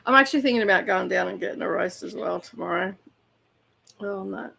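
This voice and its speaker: A woman's voice: medium pitch, a little fast, vocal fry, bright, forceful tone, husky. A woman co-hosting a casual book club livestream, easygoing and laughing along, fighting a cold. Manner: easygoing, laughs along, short agreeing replies. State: has a cold. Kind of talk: casual chat.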